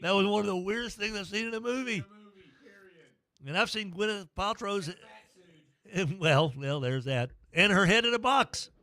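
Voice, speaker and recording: A man's voice: high voice, moderate pace, pushed and bright. A middle-aged man hosting sports talk radio, rambling and joking at his own expense. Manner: rambling, jokey, self-deprecating.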